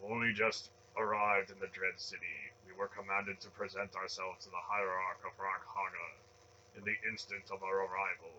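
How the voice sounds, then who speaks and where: A man voicing a stern old male sorcerer, speaking smoothly and deferentially. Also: low voice, flat delivery, normal speed, sharp tone, muffled recording, slight background noise. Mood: courteous. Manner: smooth, deferential pilgrim act.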